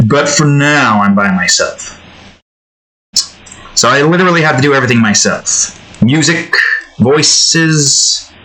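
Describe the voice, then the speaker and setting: A man's voice: mid-range voice, a bit bright, rough recording. A man chatting casually while he draws, in a rambling, improvised and self-deprecating way. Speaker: YouTube artist. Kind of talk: casual commentary while drawing.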